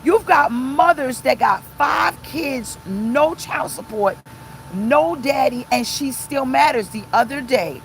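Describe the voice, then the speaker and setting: A woman's voice: high-pitched, expressive, takes it slowly, low-quality recording. Middle-aged lady pastor preaching hard from her car, repeats herself for emphasis, faint engine hum. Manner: impassioned, emphatic, repetitive preaching. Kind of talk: live-streamed sermon reading viewer comments. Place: inside a car.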